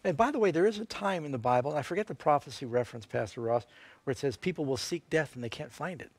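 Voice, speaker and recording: A man, a pastor co-hosting a Bible question-and-answer show, answering in a relaxed, halting way with many fillers. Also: on the high side, husky, no room sound. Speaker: pastor and co-host. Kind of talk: unscripted Bible Q&A.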